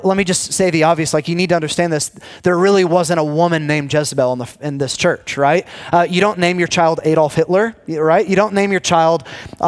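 A man preaching a sermon, telling the story with animated energy, restarting and repeating words, and dropping low and quiet when he reads scripture. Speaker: pastor teaching a sermon series.

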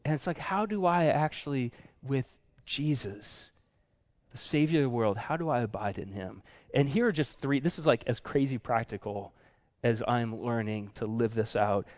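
A man preaching a conversational sermon, casual and chatty, with many fillers and self-corrections, who acts out quoted voices with big jumps in pitch. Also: normal speed, a little mellow. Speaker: pastor.

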